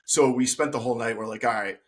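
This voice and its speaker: A man's voice: mid-range voice, steady tone, fast, slight background noise. A man who is a podcast guest, telling his own story earnestly in a conversation and acting out the things people said. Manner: earnest, retells scenes by acting out quoted speech.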